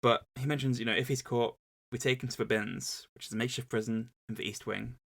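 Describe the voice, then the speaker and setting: A man co-hosting a casual book club podcast retells the plot in a rambling, chatty way, with lots of fillers and restarts. He speaks fast in a mid-range, gravelly, slightly bright voice with a steady tone.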